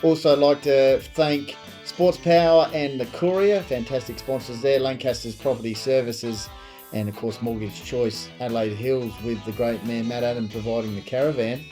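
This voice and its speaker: An Australian man at a middle pitch chats on a community footy panel, upbeat and quick to chime in. Music plays faintly behind. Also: fairly even intonation, dark tone. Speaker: panel co-host. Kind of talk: casual sports panel chat.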